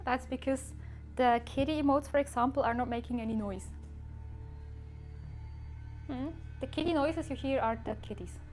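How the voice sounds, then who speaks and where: A woman's voice: high-pitched, normal speed, pauses often, a little mellow, soft background music. A woman from Switzerland, chatting casually and rambling to her live-stream viewers, often laughing at herself.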